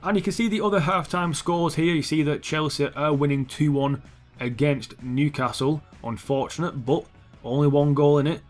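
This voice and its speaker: A young man commentating his own football video game match, swearing often and shouting at the players on screen. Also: a little high, moderate pace, soft background music. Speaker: gaming YouTuber. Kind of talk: gameplay commentary.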